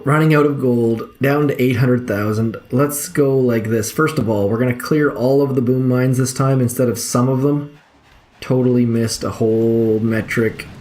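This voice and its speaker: A man's voice: mid-range voice, a little mellow, slight background noise. A young man giving casual gameplay commentary from home, muttering frustrated, self-deprecating remarks as he plays. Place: home room.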